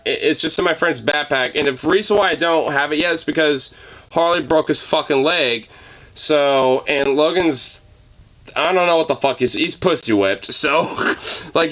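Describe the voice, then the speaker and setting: A man's voice: a little high, a bit bright. A young man in casual chat, rambling, laughing and swearing freely. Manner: cooing baby talk to a dog.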